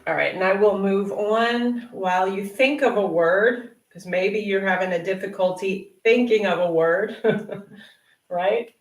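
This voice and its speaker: In a live Q&A English lesson, a woman with a mid-range voice teaches in an unhurried, encouraging, chatty way, stretching words out slowly so learners can repeat after her. The mic is distant, leaving her voice off-mic with the room ringing around it.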